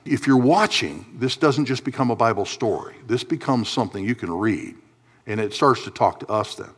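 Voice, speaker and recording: A man delivering a sermon from the pulpit. His delivery is lively and emphatic, jumping from hushed low lines to loud, high, pressing peaks. He sounds like a pastor working a congregation. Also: moderate pace, slightly rough. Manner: animated preaching, rising to loud emphatic peaks and dropping to low asides.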